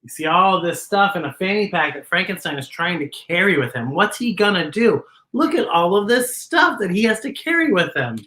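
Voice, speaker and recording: A woman's voice: fairly low pitch, normal speed, few pauses. A woman hosting a children's storytime, reading a picture book aloud with exclamations and questions to the kids. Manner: animated, exclamatory, talks to kids directly.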